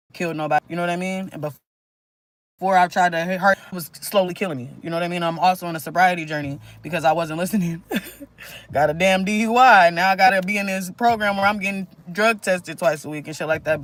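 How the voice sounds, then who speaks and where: Guy in his 30s streaming from the waterfront, kinda high voice, rambly uplifting talk. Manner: rambling, keeps saying "you know what I mean". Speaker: livestream host giving spiritual messages. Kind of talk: casual spiritual pep talk. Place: outdoors at a waterfront.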